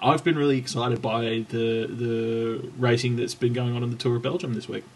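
A man hosting a casual cycling chat, joking and rambling, his voice trailing off quietly at times. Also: mid-range voice, level tone, normal speed, a little hiss or hum. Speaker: podcast host.

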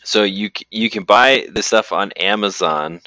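A man's voice: lowish voice, moderate pace, sharp tone, no room sound. A man in casual chat, dropping in short remarks and reading out details.

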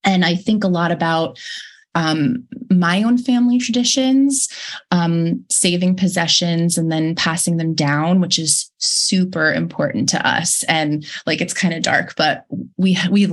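Soft-pitched reflective woman author. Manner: reflective, with pauses and 'um'. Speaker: co-author of a children's book series. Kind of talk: casual interview conversation.

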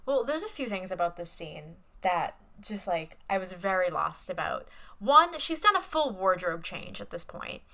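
A woman's voice: lowish voice, very animated, normal speed, pushed and bright. A young woman co-hosting a casual movie podcast, rambling with lots of fillers and gushing about what she loved. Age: young adult. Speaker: podcast co-host.

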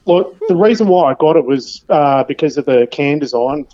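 A man phones in from elsewhere, his voice slightly high and dulled by a muffled phone line. He rambles easily through his beer review, pausing often with "um". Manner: relaxed, rambling, many "um"s. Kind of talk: casual chat on a phone line. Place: calling in from elsewhere.

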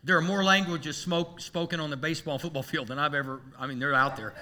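Male pastor, very bright and slightly high voice, lively joking sermon delivery. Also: quick pace. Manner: animated, humorous storytelling to a congregation.

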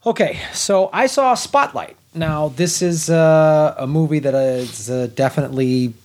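A middle-aged man co-hosting a podcast, reviewing a film in casual chat, blunt and animated, swearing freely and often restarting his sentences. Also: on the high side, measured pace.

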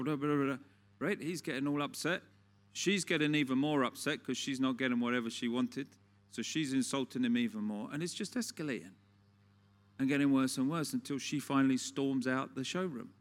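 A man's voice: mid-range voice, fairly quick. A man preaching a sermon in a conversational, storytelling way, often asking the listeners questions.

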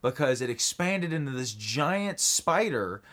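A man's voice: medium pitch, big pitch swings, unhurried, a bit bright. A man co-hosting a casual comedy chat, acting out characters with silly voices and swearing a lot. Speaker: co-host pitching a movie idea.

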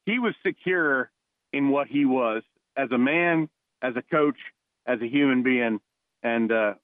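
A man from New Jersey, once a college ballplayer and later a police officer now retired, joins a radio show by phone. His medium-pitched voice moves at a measured pace through heartfelt, rambling stories with lots of restarts, over a tinny, dry line.

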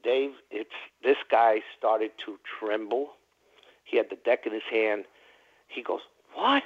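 A man's voice: on the low side, fairly even intonation, a little slow. A man calling into a radio talk show, telling a long story in a rambling, chatty way with many fillers. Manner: rambling, chatty, full of "you know" fillers. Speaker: caller. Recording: tinny phone line.

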